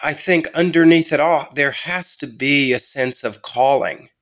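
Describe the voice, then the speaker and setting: A man as an interview guest, telling a story in a reflective, measured way with halting restarts. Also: fairly high pitch, a bit bright, dull audio. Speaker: guest writer.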